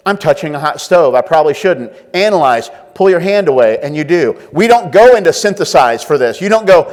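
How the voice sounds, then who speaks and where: Animated man speaking in an echoing hall. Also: fairly high pitch, a little fast, few pauses. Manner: lively, acts out inner voices, quizzes the audience. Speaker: workshop speaker. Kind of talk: energetic conference talk. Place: large conference room.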